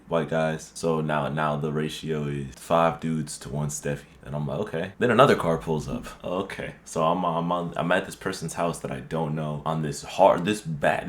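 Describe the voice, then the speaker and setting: A man vlogger telling a story in an animated, slangy and profane way. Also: rumbling low. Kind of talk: story-time vlog.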